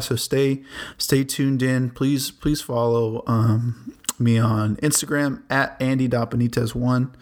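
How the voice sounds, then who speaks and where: A young man, a college student, hosting his own solo podcast in a rambling, laid-back way, with casual swearing. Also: mid-range voice. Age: young adult. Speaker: podcast host.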